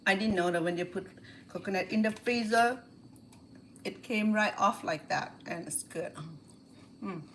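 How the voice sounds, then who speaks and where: A woman's voice: mid-range voice, measured pace, long pauses, fairly bright tone, slight background noise. Chatty Cambodian woman cooking in kitchen. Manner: chatty, rambling, restarts phrases while cooking. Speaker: home cooking host. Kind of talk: casual cooking vlog chat. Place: home kitchen. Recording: kitchen clatter of pots and dishes. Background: clinking pots, pans and dishes.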